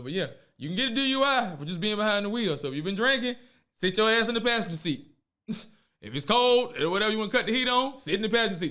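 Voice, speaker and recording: A man's voice: sits high, a bit bright. A man hosting a casual podcast, telling stories animatedly, acting out voices and laughing often. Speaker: podcast host.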